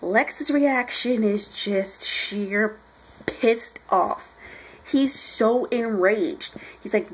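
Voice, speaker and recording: A woman's voice: mid-range voice, drawn-out words, breathy edge, rough recording. A young woman reviewing a comic book in casual chat, rambling and chatty as she retells scenes.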